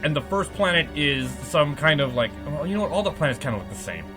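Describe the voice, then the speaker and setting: A man's voice: on the high side, big pitch swings, quick pace, over music. A man hosting a podcast, giving a comedic, profane recap of a game plot and laughing often. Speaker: podcast host.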